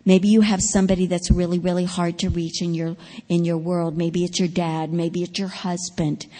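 A woman gives a sermon testimony in a big hall, and her voice trails off into a long reverb. She tells her story dramatically and swells loud at the key moments. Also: fairly low pitch. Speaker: preacher.

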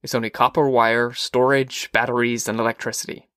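A man's voice: medium pitch, level tone, a little fast, fairly bright tone, no echo, clean studio sound, lightly acted. A man voicing a confident, dismissive middle-aged fire captain in an audiobook reading, offhand and mocking.

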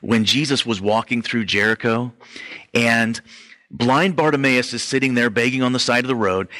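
Bright-toned man, mid pitch, casual preacher, conversational sermon, frequent fillers. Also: moderate pace. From Western Europe ancestry only; none. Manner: conversational, filler-heavy, says "like" often. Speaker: pastor.

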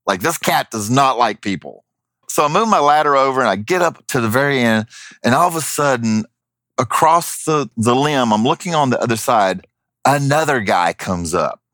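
A man's voice: mid-range voice, normal speed, no room sound. A man telling a story in casual chat, acting out the voices of the people in it. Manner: animated, acts out voices in his anecdotes.

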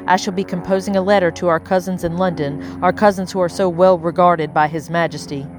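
A woman's voice: on the low side, fairly even intonation, brisk, music in the background, natural voice. A woman voicing an impatient, haughty lady of the house who speaks sharply and imperiously.

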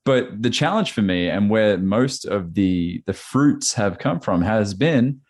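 Young man, low voice, laid-back. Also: animated, a little slow, few pauses, darkish tone. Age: young adult. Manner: laid-back, slangy, swears. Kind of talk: casual chat.

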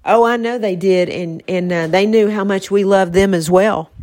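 A woman hosting a faith-based podcast, talking in a soft, reflective way with her mother. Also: mid-range voice, steady tone, normal speed, dry recording, clean studio sound. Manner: soft-spoken, reflective, emotional at times. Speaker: podcast host.

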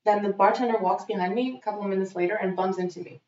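A woman's voice: mid-range voice, racing, recorded from a distance. A woman telling a funny story in casual chat, acting out what people said. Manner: lively storyteller acting out quotes. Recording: dull, roomy, off-mic sound.

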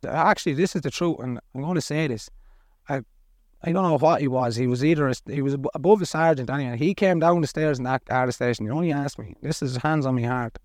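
A middle-aged Irish man speaks plainly and earnestly as a guest, his words blunt and everyday. His voice sits at an ordinary male pitch. It is recorded close and dry, with no room sound. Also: quick pace, a little mellow, no echo. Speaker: podcast guest. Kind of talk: candid personal storytelling.

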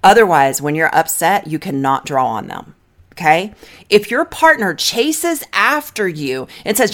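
Middle-aged woman, marriage therapist, lowish and animated, direct coaching podcast delivery. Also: measured pace. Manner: direct, coaching, guides breathing counts. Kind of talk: podcast advice talk.

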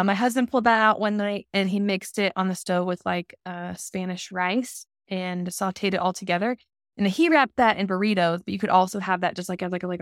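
A young woman in casual podcast chat, her voice carrying a gravelly fry at the ends of phrases. She talks loosely and chattily, leaning on fillers, and the sound is close and dry with no room around it. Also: medium pitch, no room sound. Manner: chatty, filler-heavy, warm and emotional in farewell. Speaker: podcast co-host.

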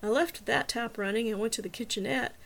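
A woman's voice: on the high side, fairly quick, vocal fry. Woman reading a story aloud. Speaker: audiobook narrator. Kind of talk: first-person story reading.

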